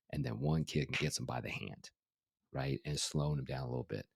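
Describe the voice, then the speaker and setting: A middle-aged man with an extremely low voice, husky and gravelly at the bottom. He talks through a story in a relaxed podcast manner, dotting it with "you know" and "right?". The sound is dry and close. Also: fairly quick, no echo. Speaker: guest, life coach.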